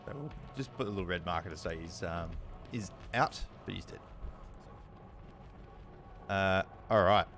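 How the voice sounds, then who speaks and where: A man narrating as dungeon master of a tabletop game, talking loosely with many fillers and pauses. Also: low-pitched, lively intonation, a bit bright, soft background music.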